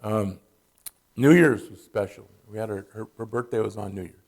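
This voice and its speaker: A man's voice: lowish voice, normal speed, creaky, a little mellow. A man from Southern California telling personal stories at a church in a casual, conversational way. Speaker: church speaker.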